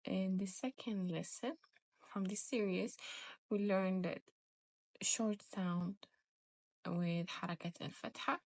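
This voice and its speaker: Woman, teacher, patient, repeats sounds, very slow pace, mid pitch. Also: fairly even intonation, darkish tone, no echo, studio quality. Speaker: Arabic teacher. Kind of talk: slow step-by-step reading lesson.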